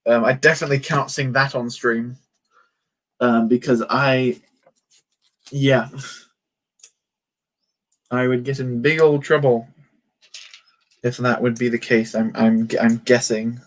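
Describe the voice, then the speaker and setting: A man's voice: medium pitch, level tone, measured pace, pauses often, a bit bright. A man chatting casually on a livestream while building a toy set, joking and poking fun at himself. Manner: chatty, joking, self-mocking.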